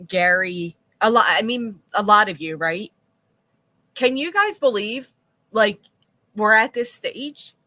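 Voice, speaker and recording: Middle-aged woman streamer, bright and chatty, rambling to her chat, dry close mic. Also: medium pitch, no echo. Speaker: livestream commentary host. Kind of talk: casual livestream chat with viewers.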